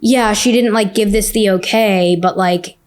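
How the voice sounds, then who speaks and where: A young adult woman telling a personal story in casual speech, full of "like" and quick restarts. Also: medium pitch, steady tone, clear, resonant tone. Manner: fast, filler-heavy telling with many "like"s. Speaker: guest sharing her story.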